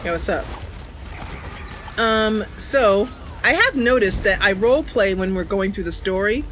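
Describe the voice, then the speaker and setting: A woman's voice: mid-range voice, lively intonation, a little slow, a bit bright, slight background noise, poor audio. A woman hosting her channel, chatting casually and playfully over gameplay, giggling often. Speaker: channel host, gamer.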